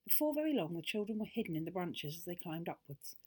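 Animated, husky woman reading aloud. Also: fairly low pitch, fast. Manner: expressive, animated. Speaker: storyteller. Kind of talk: children's story reading.

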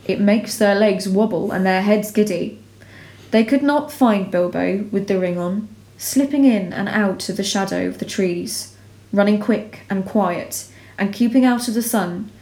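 Female narrator for a children's fantasy read-aloud; steady, expressive, mid-range voice in a roomy space. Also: medium pitch. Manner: measured, expressive reading aloud. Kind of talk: storybook reading. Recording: roomy echo.

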